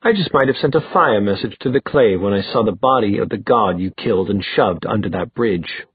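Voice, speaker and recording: A man voicing a proud, sarcastic young male fighter with a sharp, cutting delivery. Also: lowish voice, a little fast, breathy edge, dry recording. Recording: dry tinny phone-like sound.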